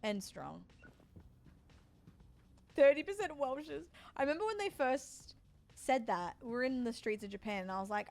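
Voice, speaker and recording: A woman's voice: mid-range voice, lively intonation, normal speed, creaky, long pauses, darkish tone. An Australian woman in her forties, streaming and chatting casually with her viewers, teasing and joking as she answers chat. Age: 40s.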